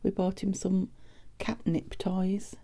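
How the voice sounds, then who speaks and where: A British woman chatting casually as she makes junk journal pieces, thinking aloud with soft half-whispered asides. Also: mid-range voice, completely flat delivery, takes it slowly. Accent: British English. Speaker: craft vlogger. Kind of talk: casual crafting chat.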